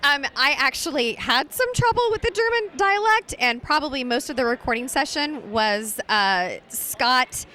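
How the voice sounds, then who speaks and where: A woman voice actress chatting in a bubbly, animated way during a convention interview. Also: sits high, normal speed, hardly any pauses, a little hiss or hum. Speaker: voice actress guest. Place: busy convention floor.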